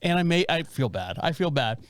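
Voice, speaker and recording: A man's voice: a little high, brisk, no echo. Man, forties, podcast co-host, rambling anecdotes, dry close mic. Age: 40s. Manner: rambling, animated storytelling with frequent restarts. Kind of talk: casual storytelling chat.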